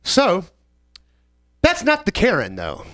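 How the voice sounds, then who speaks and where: Speaking slowly in a high-sitting voice, captured dry, a young Southern American man co-hosts a relaxed podcast. He's a bartender, and he brings a work story to life by animatedly acting out customers in their own voices.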